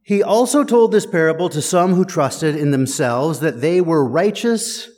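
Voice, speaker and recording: A man delivers a sermon with a chatty, teasing wit, needling his listeners. His voice sits a little high and swings widely in pitch. The sound rings with the long reverb of a church sanctuary. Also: animated, unhurried, darkish tone. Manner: conversational, wry and teasing with the congregation. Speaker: pastor.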